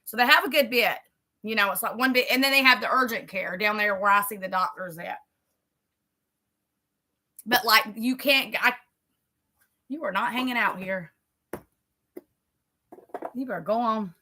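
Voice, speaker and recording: A woman's voice: on the high side, moderate pace, pauses often, sharp tone. A middle-aged woman, chatting casually and rambling as she decorates a planner for her vlog. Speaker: vlogger.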